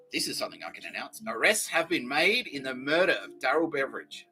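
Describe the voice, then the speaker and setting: A man's voice: mid-range voice, sing-song, quick pace, hardly any pauses, bright, forceful tone, rough recording. Profane, rambling man riffing. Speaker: podcast host. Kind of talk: rambling comedic monologue. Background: faint background music.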